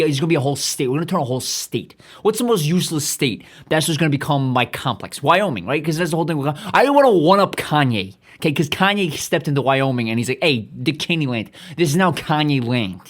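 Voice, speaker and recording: Fast, profane male host riffing alone, boastful and scattered. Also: a little high, lively intonation. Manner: profane, rambling, self-aggrandizing. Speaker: podcast host. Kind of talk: rambling comedic monologue.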